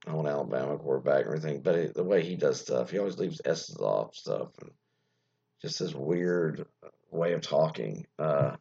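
Gravelly rambling man, lo-fi radio host. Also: a bass voice, expressive, normal speed, mellow. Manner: rambling, many fillers and trailing asides, mildly profane. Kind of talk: casual solo talk, reading an article aloud with comments. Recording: lo-fi muffled sound.

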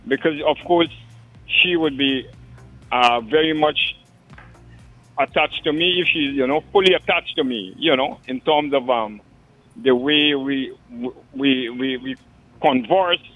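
A man's voice: medium pitch, measured pace, faint music behind. An older man phoning in to a radio show, rambling and repeating himself with formal courtesies. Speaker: radio caller. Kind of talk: phone-in call to a radio show. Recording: tinny phone line.

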